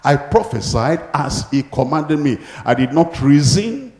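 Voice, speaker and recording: A man's voice: on the high side, sing-song, a little slow, darkish tone. A male pastor preaching a sermon, emphatic and retelling Bible stories with acted voices. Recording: echoey hall with long reverb.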